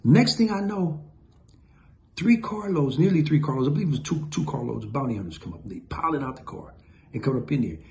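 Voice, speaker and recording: Animated man spinning street stories, echoey room. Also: fairly high pitch, a little fast, gravelly, a little hiss or hum. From Compton, California. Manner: animated, acts out quotes and sound effects. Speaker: host telling stories. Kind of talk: casual storytelling.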